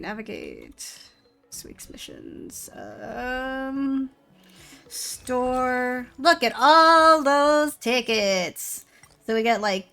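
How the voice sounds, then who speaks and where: A woman's voice: on the high side, vocal fry, fairly bright tone. A young woman streamer giving casual gameplay commentary, swearing and playing up mock-dramatic self-pity.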